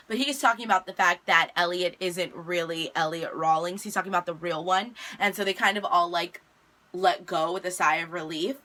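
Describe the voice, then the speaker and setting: A young woman vlogger recaps a TV episode in a casual, chatty way, racing through scenes with quick asides. Her voice is bright and forward. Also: on the low side.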